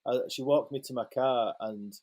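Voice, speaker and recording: A man, a photographer guest telling a lively, sweary anecdote in a casual interview and acting out the quotes. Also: medium pitch, normal speed.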